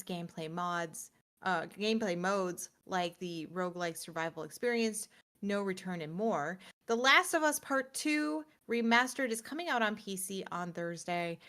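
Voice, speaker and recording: A woman's voice: medium pitch, animated, a bit bright. Casual woman co-hosting a game stream. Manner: reads release blurbs, then chats with quick laughs. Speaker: co-host of a gaming news stream. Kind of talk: casual live-stream chat.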